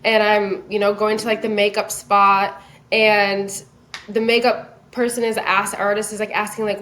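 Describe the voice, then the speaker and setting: A woman's voice: mid-range voice, normal speed, slight background noise. Chatty young woman full of fillers. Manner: animated, lots of "like" fillers. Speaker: podcast guest. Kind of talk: casual storytelling chat.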